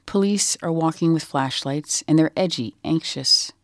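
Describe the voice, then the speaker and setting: A narrator telling a crime story in measured, scripted documentary style. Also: medium pitch, dry recording, clean studio sound.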